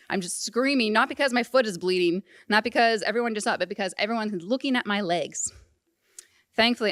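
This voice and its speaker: A young woman telling a personal story to a live audience, animated and comic. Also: medium pitch, no echo, clean studio sound. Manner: animated, comic, quick bursts. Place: event hall before an audience.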